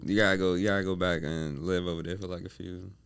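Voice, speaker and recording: Laid-back low-voiced podcast man. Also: little pitch movement, fast talker, gravelly, fairly bright tone, smooth, dry recording. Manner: laid-back, short interjections. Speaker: podcast co-host. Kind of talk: casual chat.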